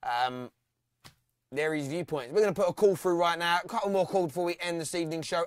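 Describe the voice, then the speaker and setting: A man's voice: on the high side, fairly quick, clean tone, dry recording, soft background music. A man hosting a live football phone-in, chatty and teasing, laughing often. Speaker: phone-in host. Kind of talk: live fan phone-in show.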